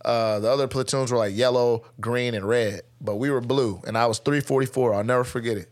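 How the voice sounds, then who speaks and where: A man telling a story in a casual podcast chat, animated and slangy with frequent laughter, close to the mic. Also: medium pitch, a little fast. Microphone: close studio mic.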